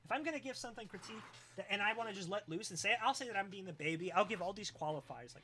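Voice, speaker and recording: Lively streamer with a bright, animated voice, jokey and teasing with chat, laughs often. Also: mid-range voice, very fast, slight background noise. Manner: joking and teasing, often laughing, sometimes yelling. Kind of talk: casual live-stream chat reacting to viewers.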